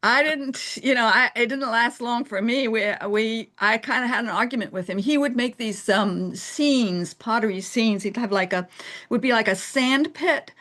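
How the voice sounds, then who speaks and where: A middle-aged woman from England, a guest in a casual interview, telling animated stories and laughing often. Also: on the high side, normal speed. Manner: animated storyteller, laughs often, acts out voices.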